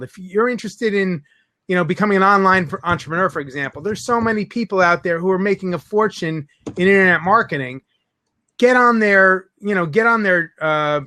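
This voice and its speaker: A man hosting an interview, talking in an enthusiastic, quick storytelling way. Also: sits high, bright, forceful tone. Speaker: interview host. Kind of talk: casual interview chat.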